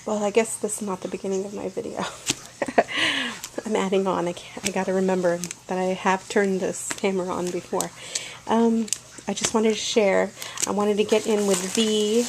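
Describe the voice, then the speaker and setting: A woman's voice: medium pitch, steady tone, normal speed, background noise. A woman vlogging casually from her home kitchen as a homeschooling mother, chatty and meandering, explaining things as she goes.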